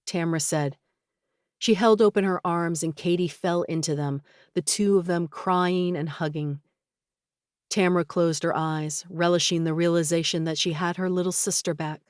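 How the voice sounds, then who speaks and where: A woman narrating an audiobook in a measured, gently expressive reading. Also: fairly low pitch, dry recording, studio quality.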